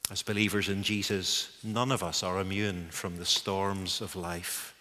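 Man preaching a sermon, unhurried and emphatic, bright tone, echoing church hall. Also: low-pitched, flat delivery. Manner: emphatic, repeats words for weight. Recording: long echoing hall reverb.

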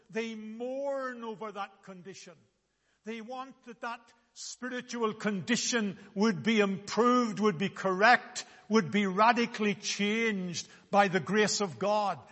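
A man delivering a sermon in a slow, measured cadence, his voice pitched high and bright. Each phrase lands with solemn weight, and a long reverb trails behind him as if he fills a large hall. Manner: slow, deliberate preaching with solemn emphasis. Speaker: preacher.

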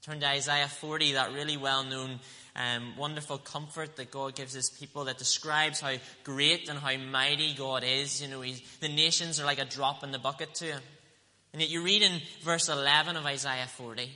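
A man preaching a sermon, earnest and emphatic, slowing down to stress scripture quotes. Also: mid-range voice, pushed and bright, in a large hall.

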